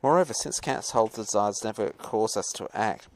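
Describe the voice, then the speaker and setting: Low gravelly teacher, rambling and hesitant. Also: male voice, animated, moderate pace. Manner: rambling, hesitant, many fillers and asides. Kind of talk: podcast lecture, reading and commenting.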